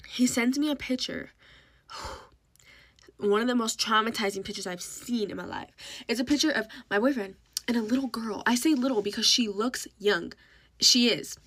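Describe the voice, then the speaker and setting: A woman's voice: fairly high pitch, normal speed, fairly bright tone, no echo. A woman telling a casual storytime, rambling with lots of fillers and acting out what people said. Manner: rambling, filler-heavy, acts out quotes.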